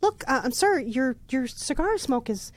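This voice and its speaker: A woman's voice: high-pitched, very animated, moderate pace, voice pushed up. A woman doing a flustered old lady pleading. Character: lonely old woman pleading for her parrot.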